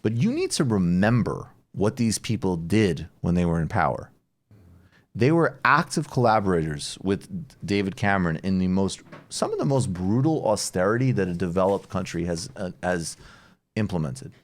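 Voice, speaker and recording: Here a podcast host with a low, sing-song voice talks politics with a guest at a moderate pace. The conversation is loose and digressive, and he peppers it with lots of "like" fillers.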